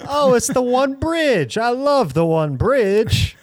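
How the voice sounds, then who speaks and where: A man putting on an exaggerated New York accent, playing an excited male tourist who gushes over the city. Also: very high-pitched, slow, pitched above the performer's own voice, heavily acted. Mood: gushing. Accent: put-on New York accent. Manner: exaggerated, wide-eyed gushing.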